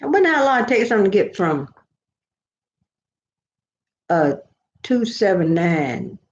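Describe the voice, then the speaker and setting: A woman's voice: mid-range voice, sing-song, slow. An older woman, chatting casually to her viewers in a rambling, folksy storytelling way. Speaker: vlogger. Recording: roomy, slightly dull sound.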